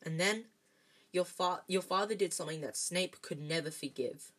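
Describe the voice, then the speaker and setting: Old male wizard headmaster, dreamy and wry, gentle storybook read, done by a woman, low and husky. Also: moderate pace. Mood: musing.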